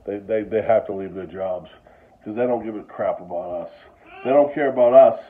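A man's voice: on the low side, moderate pace. Goofy man ranting over tinny sound. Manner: goofy, jokey, turns to angry political ranting. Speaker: home cooking vlogger. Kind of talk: casual cooking chat and rant. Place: home kitchen.

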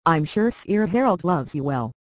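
A reader voicing a gentle, careful young highborn girl in an audiobook, speaking in a soothing, measured way. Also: big pitch swings, no echo, natural voice, poor audio. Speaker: lady tending a young lord. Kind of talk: audiobook character reading.

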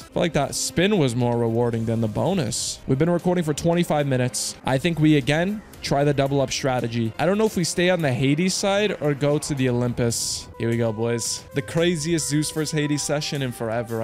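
A man hosting his own channel, commenting excitedly to viewers with slang, swearing and loud outbursts. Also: on the high side, fairly quick, hardly any pauses, soft background music. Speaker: slots streamer host.

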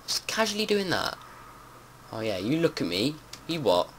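A man giving casual let's-play commentary, chatty and prone to swearing and panicked yelling. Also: mid-range voice, big pitch swings, moderate pace. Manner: chatty, swears a lot, panics and yells when startled. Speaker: gameplay commentator. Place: home room with window open. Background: faint outdoor noise and keyboard typing.

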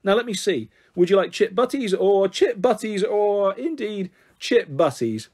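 A cheerful dad teases and jokes warmly with his daughter in a storybook, as a man reads him out. His tone is affectionate and self-mocking, pitched on the higher side. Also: lively intonation, unhurried, breathy edge, heavily acted. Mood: jokey. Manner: jokey and affectionate.

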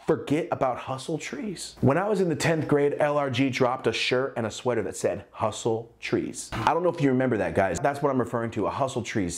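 A young man telling a personal story in a casual vlog, swearing often and acting out the other voices in the story. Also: medium pitch. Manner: profane, animated, acts out quoted voices.

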